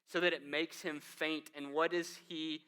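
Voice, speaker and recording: A male pastor with a bright, forceful edge and a smooth, crisp voice. He preaches casually, tossing in asides to the congregation. His delivery moves between hushed, low passages and emphatic peaks. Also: flat delivery, unhurried. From United States. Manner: conversational preaching with asides, "man" and "right?". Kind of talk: sermon.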